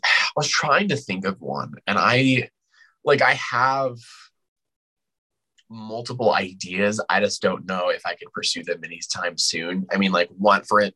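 A man talks as a podcast guest in a husky voice with a tense, bright edge. He stops and restarts often and fills gaps with "like" and "um." When he quotes himself, his voice leaps up high. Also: poor audio. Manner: hesitant, many fillers and restarts, voice jumps high when quoting himself. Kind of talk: casual podcast chat.

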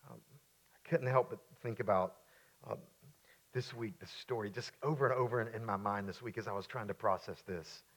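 With a lowish voice and a slightly quick pace, this preacher drives his sermon home emphatically. He repeats key lines and, while telling a story, lowers into relaxed, quieter asides.

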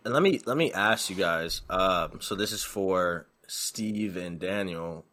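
A man's voice: deep voice, unhurried, bright, forceful tone. A man co-hosting a podcast in casual chat, teasing the others and asking questions.

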